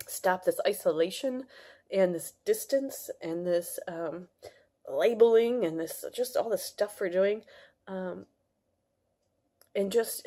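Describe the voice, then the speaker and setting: A woman's voice: medium pitch, dark tone. A woman talking earnestly to camera in a casual, rambling monologue, full of restarts and fillers, as a wellness vlogger.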